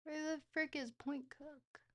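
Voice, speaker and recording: A woman's voice: high voice, little pitch movement, takes it slowly, fairly bright tone. Jokey woman streamer rambling. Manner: rambling, jokey, swears casually. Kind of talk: casual livestream chat while playing a geography game.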